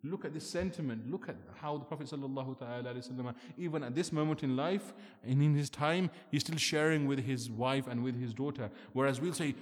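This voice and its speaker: Guy giving a sermon, kinda high voice, long echo off the hall, earnest and pushy. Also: fast, dark tone. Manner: earnest, emphatic, rhetorical questions. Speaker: preacher.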